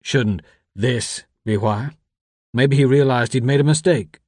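Male reader as a guilt-ridden man, slow, halting, quiet, dry read. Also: medium pitch, dry recording, close to an everyday voice. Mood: troubled. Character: shaken middle-aged man, guilt-ridden.

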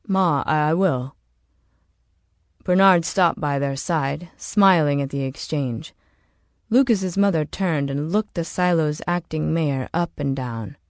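A woman narrating an audiobook in a steady, measured way. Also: low-pitched, dry recording, clean studio sound.

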